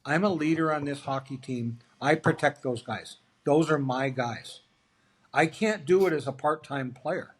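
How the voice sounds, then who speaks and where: A middle-aged man spins long, lively anecdotes in a relaxed interview, quoting the voices of others as he goes. His voice sits a little higher than most men's, and he moves it freely up and down as he acts out each exchange. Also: breathy edge. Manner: animated anecdotes, acts out quoted dialogue. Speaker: interview guest, former hockey player. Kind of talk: storytelling in a casual interview.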